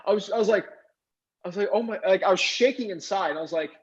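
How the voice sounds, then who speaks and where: A young man telling a fast, excited story as a guest, acting out the other people's voices as he quotes them. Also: high voice, husky. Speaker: guest investor. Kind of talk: animated storytelling. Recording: dull lo-fi sound.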